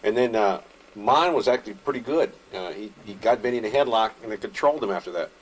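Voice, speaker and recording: A man casually recounting his own story in an interview, rambling with fillers and restarts, animated when telling action. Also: on the low side, quick pace.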